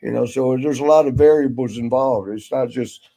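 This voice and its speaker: A man's voice: mid-range voice, moderate pace, warm tone. An older man, a guest on a casual chat show, rambling through a story and acting out what people said. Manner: rambling storyteller, acts out quotes. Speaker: guest, former wrestler.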